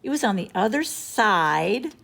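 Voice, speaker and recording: A woman's voice: medium pitch, very animated, a little slow, gravelly, fairly bright tone. A woman reading a children's chapter book aloud in a playful, storytelling manner. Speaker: storybook reader.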